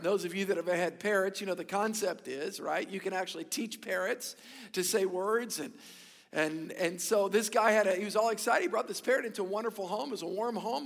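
A man's voice: high voice, creaky, fairly bright tone, long reverb tail. A male pastor preaching a sermon, emphatic and repetitive, speaking to his congregation. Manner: emphatic, repetitive, stumbles and restarts, addresses congregation. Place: church sanctuary.

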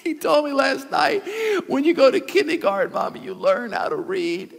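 A man voicing an upset little boy who cries and shouts after his first day of kindergarten. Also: very high voice, very animated, moderate pace, vocal fry, big-room sound, voice pushed up, full character voice. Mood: upset, tearful. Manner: crying, shouting.

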